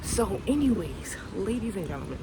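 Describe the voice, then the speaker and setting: A woman's voice: mid-range voice, sing-song, moderate pace, noisy background. A woman talking casually to camera in a rambling, preachy, slangy way, outdoors near farm animals. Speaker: vlogger.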